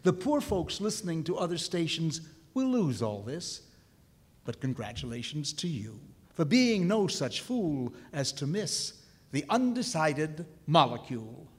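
A man's voice: fairly high pitch, big pitch swings, measured pace, slightly rough, in a large hall. A man announcing a radio play, reading the title and cast in a formal, declamatory broadcast manner.

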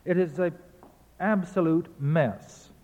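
Guy giving a lecture, kinda high voice, chants out the beats, sounds like a phone in a big hall. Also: slow pace, darkish tone, lo-fi sound. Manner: explains verse rhythm, chants beats aloud to demonstrate. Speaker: literature lecturer.

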